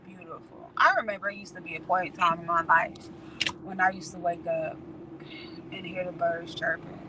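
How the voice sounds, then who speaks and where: Woman vlogger, frank and salty casual chat, phone mic in a car, steady road noise under her voice. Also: fairly low pitch, moderate pace. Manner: candid, swearing, laughing, colloquial. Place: in a car at night.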